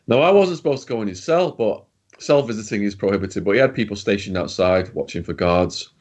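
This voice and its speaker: A man's voice: lowish voice, lively intonation, a little fast, darkish tone. A British man telling stories as an interview guest, in a blunt, chatty way with slang and the odd swear word. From Britain. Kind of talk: casual storytelling in an interview.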